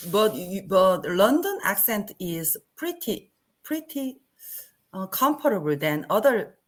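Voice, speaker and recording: A woman's voice: mid-range voice, big pitch swings, slow. A woman learning English on a video call, hesitant and searching for words with many fillers. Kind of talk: online tutoring conversation.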